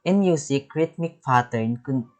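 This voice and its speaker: Slow, halting male music teacher. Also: mid-range voice, animated, rough recording. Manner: halting, reads terms and definitions with restarts. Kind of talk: reading lecture slides.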